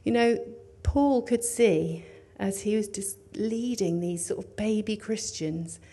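A woman preaching a sermon in an earnest, conversational way, dropping to hushed tones and rising for emphasis. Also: medium pitch, slow.

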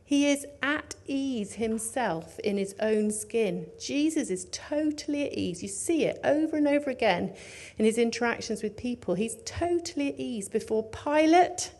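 A woman with a fairly high voice delivers a sermon. She talks earnestly and conversationally, sinking into quiet, hushed passages and lifting her voice when she presses a point home. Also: lively intonation, normal speed. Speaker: preacher.

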